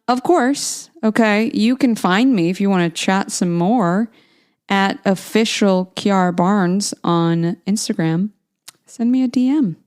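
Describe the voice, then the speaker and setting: A woman's voice: a little high, a little mellow. A young woman hosting a podcast, talking in a casual, chatty way, laughing often and dropping playful asides. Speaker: podcast host. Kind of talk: casual solo chat.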